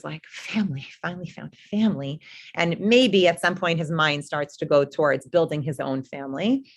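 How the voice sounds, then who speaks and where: A woman with a fairly low voice teaching a Torah class to a group. She talks in a loose, conversational way, full of asides and small fillers as she works through a text.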